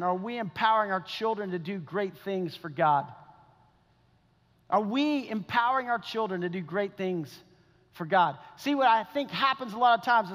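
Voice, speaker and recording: A middle-aged man, a pastor, preaching an earnest, animated sermon with frequent restarts. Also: sits high. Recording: long reverb of a large hall.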